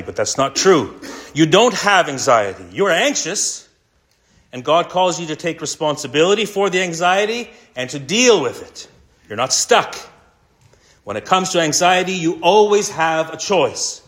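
A man preaching a sermon earnestly, slowing down and repeating key lines for emphasis. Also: fairly high pitch, big pitch swings, fairly bright tone. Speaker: pastor.

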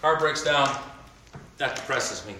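A bright-voiced man delivers a sermon, dropping to quiet, almost confiding lines and then lifting into emphatic, higher bursts. His voice rings in an echoey room with a faint hiss underneath. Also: unhurried. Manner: animated, swings between quiet and emphatic. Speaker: preacher.

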